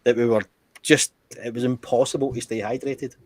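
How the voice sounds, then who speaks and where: Man, casual live-stream chat, swears a lot, animated storyteller, dry sound. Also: mid-range voice, normal speed, no echo. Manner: swears freely, tells anecdotes with acted quotes. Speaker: guest.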